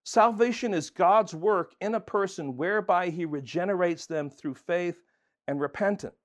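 A man's voice: high-pitched, normal speed. A man preaching a sermon as pastor, earnest and emphatic, talking conversationally with fillers and restarts.

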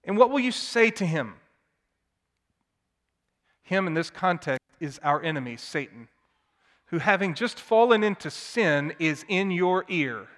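A man preaching a sermon, swinging from hushed tones to loud, emphatic declamation. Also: sits high, animated, unhurried, pauses often. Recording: long hall reverb.

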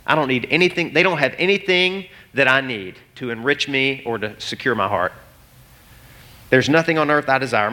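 Bright-voiced pastor preaching animatedly. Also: male voice, mid-range voice. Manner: animated storytelling, acts out voices. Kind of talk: sermon.

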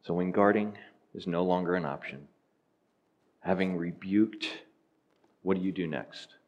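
A man's voice: low-pitched, measured pace, highs cut off. A man preaching a sermon, teaching in an earnest, emphatic way and asking rhetorical questions.

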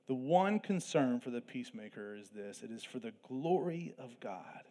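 A pastor preaching an earnest sermon, with plain asides between scripture readings. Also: male voice, medium pitch, lively intonation, dark tone. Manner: earnest preaching with asides and quick self-deprecating jokes. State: throat tickle, coughing at times.

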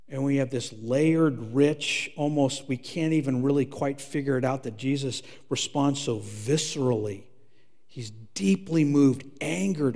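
Earnest preacher in a reverberant hall. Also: male voice, mid-range voice. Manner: earnest, repeats words, shifts from loud to hushed. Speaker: pastor. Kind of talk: sermon. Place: church sanctuary.

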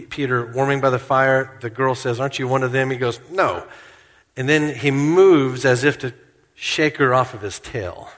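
A man preaching a sermon in a church, earnest and slowing down to stress key points. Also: mid-range voice, a bit bright, long reverb tail. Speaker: pastor.

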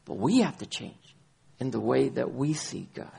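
Male pastor, sermon, gravelly, husky, cites chapter and verse, repeats lines for emphasis. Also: medium pitch, lively intonation, moderate pace, darkish tone.

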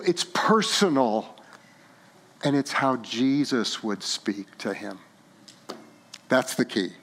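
A middle-aged male pastor preaching a sermon, earnest and halting at first, then rising to fervent emphasis. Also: mid-range voice.

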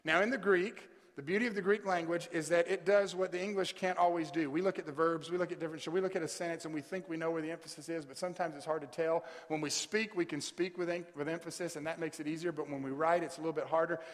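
A male pastor preaching a sermon, with emphatic delivery that swells into loud, stressed peaks. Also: on the high side, fairly even intonation, quick pace, few pauses. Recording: long hall reverb.

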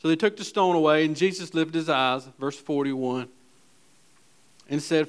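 Man preaching, loud and hushed by turns. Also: a little high, steady tone, normal speed, long pauses, smooth. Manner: reads scripture aloud. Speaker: pastor. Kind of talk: sermon.

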